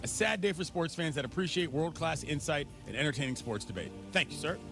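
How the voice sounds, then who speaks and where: A man hosting a sports talk radio show, joking and quick in casual banter. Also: on the high side, expressive, creaky, music in the background. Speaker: radio host.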